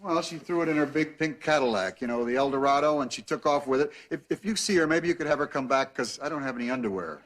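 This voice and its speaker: A man's voice: medium pitch, fast, hardly any pauses, close to an everyday voice. An actor playing a harried middle-aged father who speaks in a dry, exasperated way. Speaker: sitcom father. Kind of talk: sitcom acting. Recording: loud noisy TV sitcom audio.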